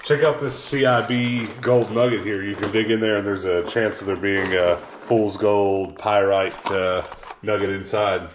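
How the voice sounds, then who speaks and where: A man's voice: fairly low pitch, fairly even intonation, moderate pace. Man, casual vlogger chat, enthusiastic, echoey room, noisy background. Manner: chatty, enthusiastic about collectible finds. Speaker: vlogger showing thrift finds.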